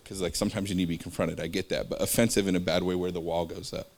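Low-pitched and creaky with a darkish, steady tone, this man talks rapid-fire through an informal religious talk. He rambles, jumping between personal stories and circling back, speaking loosely and conversationally with plenty of fillers.

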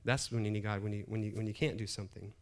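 A man's voice: on the low side, level tone, rapid-fire. A middle-aged man preaching a sermon in a conversational way, often restarting phrases and building emphasis. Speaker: pastor.

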